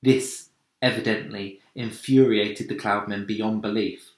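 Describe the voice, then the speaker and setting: A man, a teacher, reading a children's book aloud in a slow, expressive storytelling voice. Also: on the low side, reverberant.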